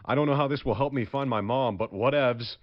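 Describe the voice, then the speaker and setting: A man playing a naive twelve-year-old girl in a mock-innocent, flat voice. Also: mid-range voice, brisk, a little hiss or hum, natural voice. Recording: muffled lo-fi recording.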